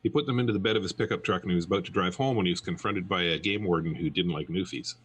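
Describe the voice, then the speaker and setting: A man co-hosting a podcast, telling jokes in casual chat with halting restarts. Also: low voice, a bit bright, husky. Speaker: podcast co-host.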